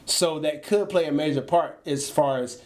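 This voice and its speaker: A young man co-hosting a podcast, talking in a slangy, relaxed casual chat and often repeating his phrases. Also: a little high, moderate pace. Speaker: podcast co-host.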